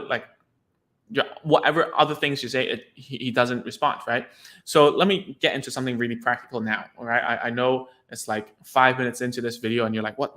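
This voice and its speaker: A man's voice: medium pitch, pushed and bright. A man, a speech therapist, explaining in a chatty, informal way, often restarting and repeating words. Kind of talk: casual teaching talk to camera.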